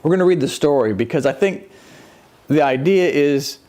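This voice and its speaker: A man's voice: on the high side, moderate pace, dark tone. A man preaching a conversational sermon, telling the story with animation and acting out the people in it. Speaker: pastor.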